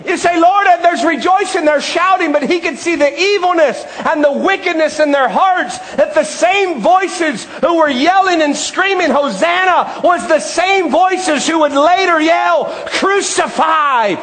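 A man preaching a sermon, impassioned and often shouting, drawing out words for emphasis. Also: very high voice, unhurried, hardly any pauses.

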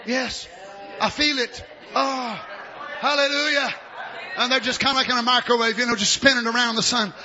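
A man preaching an impassioned sermon, shouting and exclaiming glory and hallelujah. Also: very high-pitched, fairly even intonation, moderate pace, dull audio.

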